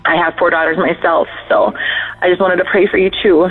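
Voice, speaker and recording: A man from North Dakota calling in to a prayer line, pausing with ums and restarts as he prays earnestly for others. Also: high-pitched, little pitch movement. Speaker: caller. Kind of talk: phoned-in prayer. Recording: phone line with faint music behind.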